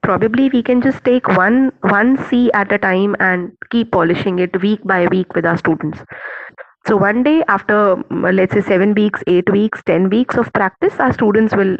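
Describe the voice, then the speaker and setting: A woman with an Indian accent giving an online teacher-training talk, measured and earnest, with many fillers and restarts. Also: medium pitch, no room sound. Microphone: video call. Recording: dull lo-fi call audio.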